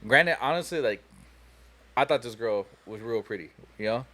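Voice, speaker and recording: A man's voice: mid-range voice, lively intonation, moderate pace, sharp tone. A young man on a podcast telling a long, profane story in a rambling way, full of "you know" and "like.". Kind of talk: casual storytelling chat.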